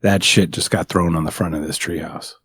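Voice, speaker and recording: A man co-hosting a podcast, trading jokes in animated banter. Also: sits low, fairly quick, breathy edge. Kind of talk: casual chat.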